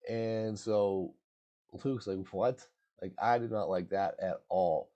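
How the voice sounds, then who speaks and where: A laid-back man with a lowish voice recaps a movie in loose, slangy chat. His tone is mellow and relaxed, and his sentences wander with lots of filler words. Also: slow.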